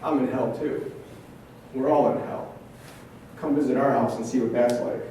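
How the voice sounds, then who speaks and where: Picked up by a distant mic in an echoey indoor event space, with a little hiss or hum, a trauma therapist performs a dramatic monologue of intense rhetorical questions and repetition. The man's voice is medium in pitch and warm, with a steady tone at normal speed.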